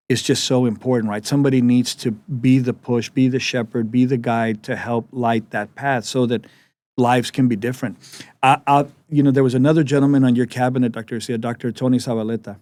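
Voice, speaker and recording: Male talk-show host, storytelling manner, mid-pitched, dry close sound. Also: no echo. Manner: animated storyteller, many restarts. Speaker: podcast host. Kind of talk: conversational interview.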